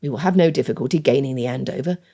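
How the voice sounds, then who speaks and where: A woman narrator voicing a gruff, commanding male smuggler ship captain in an audiobook. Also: a bass voice, rapid-fire, warm tone, pitched below the performer's own voice. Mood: stern. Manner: curt, commanding.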